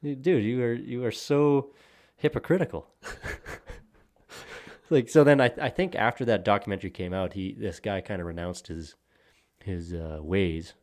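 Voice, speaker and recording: A man's voice: lowish voice, normal speed, a little mellow. A young man co-hosting a podcast, rambling and joking crudely in casual banter with lots of fillers and laughs. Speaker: podcast co-host.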